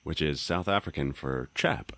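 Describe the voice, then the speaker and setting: A man's voice: extremely low pitch, normal speed, creaky, fairly bright tone, no echo. A man co-hosting a podcast in casual, wry chat, laughing as he talks.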